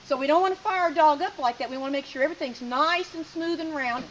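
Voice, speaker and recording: A woman's voice: high-pitched, fast talker, muffled recording, a little hiss or hum. A woman teaching a sheepdog handling lesson outdoors in a field, talking in a folksy, direct way and giving short commands. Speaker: sheepdog training instructor. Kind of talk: hands-on coaching lesson.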